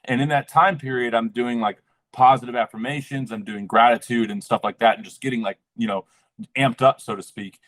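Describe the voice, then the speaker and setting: A man's voice: mid-range voice, fairly even intonation, brisk, a bit bright. A man in casual podcast chat, rambling with lots of fillers and the odd swear. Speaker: podcast guest.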